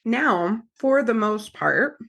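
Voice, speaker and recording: Gravelly, slightly high, and slow-paced, an American therapist and podcast host tells a story in casual conversation. She brings it to life animatedly, acting out the quotes as she goes.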